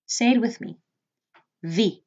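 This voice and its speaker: Patient woman teacher for a beginners' lesson, slow and deliberate, dull lo-fi audio. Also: fairly low pitch, animated. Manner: patient, repeats words for learners. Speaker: language teacher. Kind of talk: slow, clear language lesson. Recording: slightly dull, muffled audio.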